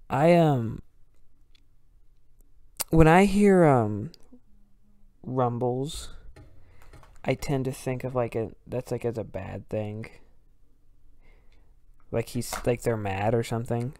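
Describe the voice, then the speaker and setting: A man reads fan fiction aloud and keeps stopping for casual, wry commentary. His voice is mellow and dark-toned, recorded close and dry. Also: medium pitch, slow pace, pauses often, no room sound. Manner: casual, wry asides with fillers. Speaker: host reading fan fiction. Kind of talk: reading a story with wry commentary.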